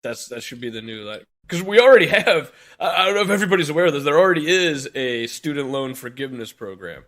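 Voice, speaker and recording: A man's voice: a little high, expressive, fast talker, hardly any pauses, a bit bright. A man in his thirties co-hosting a podcast, ranting angrily with constant swearing and bursts of laughter. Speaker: podcast co-host. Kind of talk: profane rant on a podcast.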